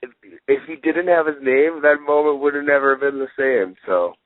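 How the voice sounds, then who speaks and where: A young adult man, a guest on a wrestling talk show, chatting casually and rambling with plenty of fillers, getting excited as he retells stories. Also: on the high side, normal speed. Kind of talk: casual interview chat. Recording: tinny phone line.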